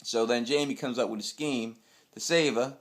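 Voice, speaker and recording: A man's voice: medium pitch, fairly even intonation, normal speed. Slangy rambling New guy. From Queens, New York. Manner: slangy, rambling, blunt street talk. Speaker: TV recap host. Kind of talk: casual TV episode recap.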